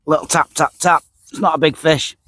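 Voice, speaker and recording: A man's voice: on the high side, fairly even intonation, a little fast, sharp tone, slightly rough, no room sound. A man, chatting casually to camera while fishing by a lake, dropping words and repeating himself. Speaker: fishing vlogger. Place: lakeside outdoors.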